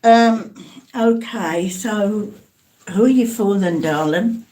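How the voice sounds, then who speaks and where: A woman's voice: mid-range voice, takes it slowly, darkish tone. A woman giving a live spirit mediumship reading, hesitant and calling her listeners darling and sweetheart.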